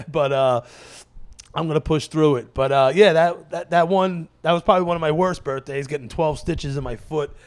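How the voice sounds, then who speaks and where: Brief: male comedian host, fairly high voice, worn out, swearing constantly, digressive storyteller. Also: normal speed. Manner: laughs at his own stories. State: tired, running on fumes. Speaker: comedian hosting his own show. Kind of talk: rambling casual monologue.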